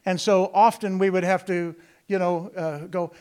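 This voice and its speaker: Male missionary speaker with a high voice. Folksy, joking storyteller who talks straight to the congregation. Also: normal speed, a little mellow. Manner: folksy, joking, digressive, addresses the congregation directly. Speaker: missionary telling his story to a church. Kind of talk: storytelling sermon.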